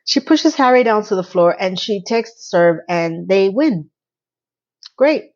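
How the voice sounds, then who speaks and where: A woman casually recapping a TV episode in a blunt, animated, swearing style. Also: mid-range voice, a little slow, muffled recording. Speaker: TV recap vlogger.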